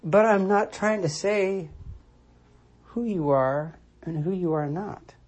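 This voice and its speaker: Mellow, husky commentator. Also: mid-range voice. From United States. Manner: measured and deliberate, restating points for emphasis. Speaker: Christian commentator. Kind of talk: reflective solo monologue.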